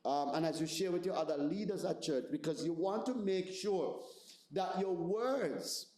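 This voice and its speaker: A high, mellow male voice at normal speed belongs to a Jamaican-accented pastor in his forties. He teaches his seminar like a conversation, repeating words and asking "right?" again and again, and the room sounds roomy and echoey.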